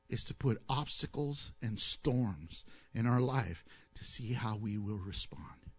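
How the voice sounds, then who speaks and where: A man preaching a sermon, telling stories with questions to the listeners and acting out the quoted voices. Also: husky. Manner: animated storytelling, asks the audience questions and answers them; acts out quoted voices with swings in pitch and loudness.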